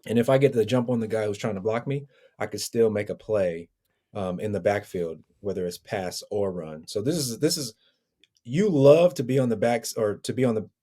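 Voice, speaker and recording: A man joining a podcast as a guest analyst, breaking down football film in a measured, analytical way. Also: fairly low pitch, warm tone. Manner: measured, analytical, chuckles between points.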